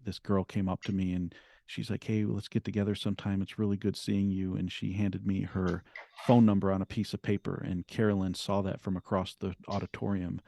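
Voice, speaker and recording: A middle-aged man speaks as an interview guest, recounting his past in an earnest, halting way that often restarts mid-sentence. His voice sits low and mellow. The recording is close and dry. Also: creaky, dry recording. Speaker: guest, memoir author. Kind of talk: telling his story in an interview.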